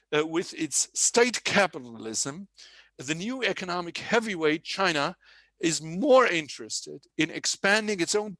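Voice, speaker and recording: Male conference speaker, formal delivery with frequent self-corrections, slightly high-pitched, dry sound. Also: fairly bright tone, no echo. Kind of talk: prepared speech read aloud. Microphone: online conference setup.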